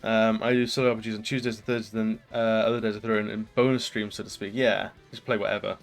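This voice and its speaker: A man's voice: on the low side, level tone, fast, gravelly, soft background music. A British man live streaming, chatting casually with viewers and rambling with lots of ums and likes.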